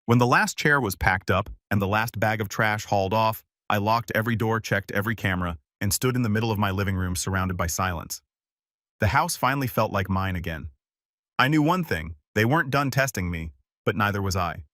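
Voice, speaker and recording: A man giving a steady, measured first-person narration of a scripted story. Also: on the low side, dry recording, clean studio sound.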